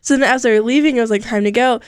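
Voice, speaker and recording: A woman's voice: on the high side, fast, clean tone, dry recording, clean studio sound. A young woman co-hosting a podcast, chatting casually and filling her talk with "like". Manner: chatty, with many "like" fillers. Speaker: co-host. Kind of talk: casual chat. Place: radio studio.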